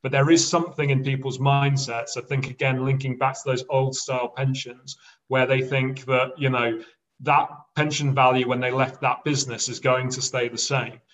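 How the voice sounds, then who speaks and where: A man's voice: medium pitch, level tone, moderate pace, fairly bright tone, distant mic, rough recording. A man talking as a guest on a podcast, explaining eagerly in a casual way. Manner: enthusiastic, explanatory. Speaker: podcast guest, pensions specialist. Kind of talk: casual interview chat.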